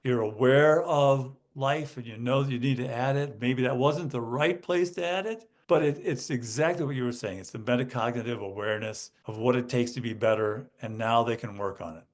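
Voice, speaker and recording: A man, a guest educational consultant on a podcast, explaining speaking skills and acting out examples with lively emphasis. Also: medium pitch, moderate pace, hardly any pauses. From United States. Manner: animated, demonstrates emphasis by acting out student lines. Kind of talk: podcast interview.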